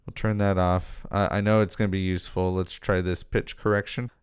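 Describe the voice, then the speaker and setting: A man's voice: low voice, little pitch movement, brisk, clean tone, no echo, clean studio sound. A man casually demoing vocal effects gear, thinking aloud as he tries each setting. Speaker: musician testing vocal effects.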